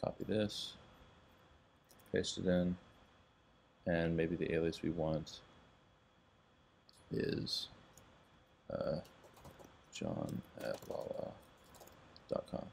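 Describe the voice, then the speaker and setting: Man, deep voice, gravelly fry, casual tutorial host, breezy and upbeat, faint background hiss. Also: very animated, very slow, pauses often, darkish tone. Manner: breezy, upbeat, talks to viewers as "guys". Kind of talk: casual screen-recorded tutorial.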